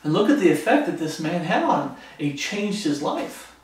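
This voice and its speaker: A man preaching a sermon, fervent and animated, acting out the voices of the people in his story. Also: a little high, moderate pace. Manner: fervent, acts out quoted voices. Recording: echoey room from far off.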